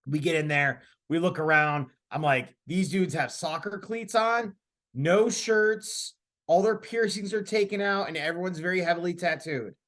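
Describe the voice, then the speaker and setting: Guy in his 30s on a podcast, high-ish voice, gets really animated telling stories. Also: moderate pace. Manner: animated storyteller, laughs as he talks. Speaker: podcast host. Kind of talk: casual chat.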